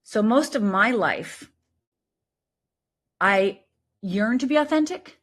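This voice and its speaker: A middle-aged woman, a life coach, talking in an animated, emphatic way as an interview guest. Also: a little high, slow pace. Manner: animated, emphatic, lively storytelling with quoted voices. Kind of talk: conversational interview.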